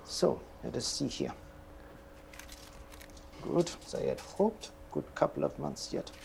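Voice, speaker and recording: Brief: a stiff, formal hotel manager, very gravelly, prying and polite. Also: male voice, mid-range voice, animated, slow pace, darkish tone, a little hiss or hum, full character voice. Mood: prim. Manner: stiff, overly formal and insinuating.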